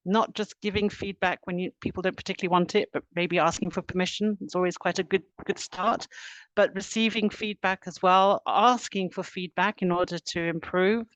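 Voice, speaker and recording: A middle-aged woman, an HR director, giving a webinar presentation in an earnest, steady way, laying out points step by step. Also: lowish voice, fairly quick, no room sound. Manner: earnest, steady explaining, lists actions step by step.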